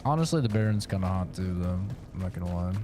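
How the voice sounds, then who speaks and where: A man's voice: low-pitched, lively intonation, quick pace, dark tone, a little hiss or hum. A man streaming a video game, giving live commentary full of profane jokes and banter aimed at the characters on screen. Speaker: gaming streamer.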